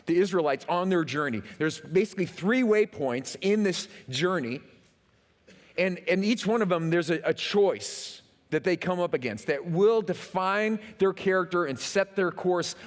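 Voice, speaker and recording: A pastor preaches from the stage in a slightly high voice that swings widely in pitch, acting out quotes and leaning on repeated words. The long echo of a large church auditorium surrounds his sermon.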